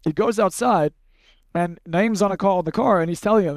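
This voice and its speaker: A young man with a high voice holds forth to a live audience in a loose, blunt way, swearing freely and acting out quotes as he tells stories. The sound is close and dry with no room echo. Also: fairly quick. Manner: blunt, profane, storytelling with acted-out quotes. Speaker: speaker teaching a live audience. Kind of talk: casual seminar talk.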